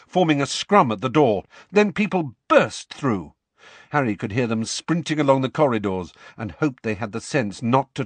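A man narrating an audiobook in an expressive, measured storytelling manner. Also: medium pitch, dry recording. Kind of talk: scripted narration.

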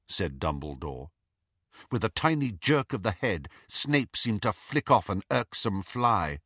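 A man narrating an audiobook in an even, unhurried storytelling manner. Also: sits low, no room sound, studio quality. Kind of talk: scripted narration.

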